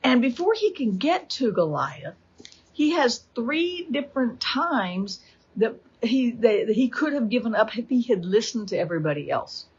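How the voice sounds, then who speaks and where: A woman teaching a Bible study, retelling the story with animated energy and acting out the quotes. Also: fairly high pitch, normal speed, breathy edge. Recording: dull lo-fi recording.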